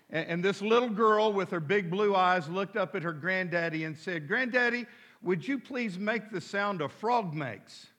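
Bright-voiced pastor preaching. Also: male voice, high-pitched. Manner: folksy and conversational. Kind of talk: sermon. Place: church.

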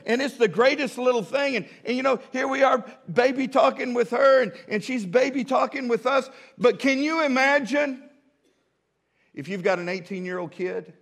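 A man's voice: very high-pitched, husky. Folksy pastor in his fifties. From American South. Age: 50s. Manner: folksy and humorous, with many restarts; drops to a quiet, intimate tone for asides. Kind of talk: sermon.

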